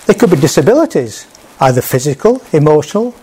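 Conversational male preacher, fairly high voice. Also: sing-song, quick pace, warm tone, slightly rough. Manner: conversational, with small restarts, acts out quoted speech. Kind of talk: sermon.

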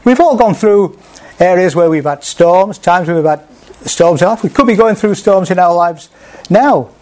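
A man's voice: sits high, animated, normal speed, a little mellow. A man preaching a sermon in a plain conversational way, with small restarts. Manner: conversational, with small restarts, acts out quoted speech.

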